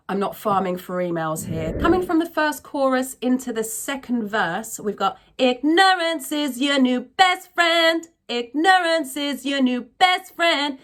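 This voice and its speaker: A woman vocal coach explaining singing technique in a frank, chatty tutorial manner. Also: a little high. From not from America.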